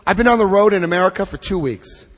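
A middle-aged man leading a recovery group through a book study, speaking with emphatic, drawn-out stresses and asking the room questions. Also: high-pitched, lively intonation, big-room sound. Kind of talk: impassioned recovery talk to a group.

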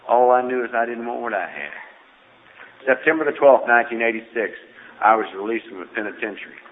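A man giving a personal testimony at a recovery meeting, telling his story in a folksy, humorous way. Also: fairly low pitch. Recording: tinny phone-like audio with faint noise.

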